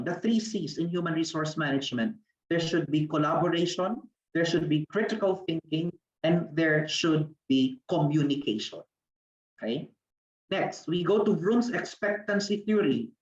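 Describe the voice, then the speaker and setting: A Filipino-accented presenter lectures over a webinar, explaining each point and pausing on rhetorical questions. The voice sits at a middling pitch and sounds set back from the mic in a reverberant room, through dull lo-fi audio. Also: recorded from a distance. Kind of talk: academic lecture.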